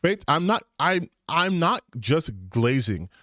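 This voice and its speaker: A man ranting casually on his stream, animated and profane, with bursts of excitement. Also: on the high side, slow, no room sound, clean studio sound.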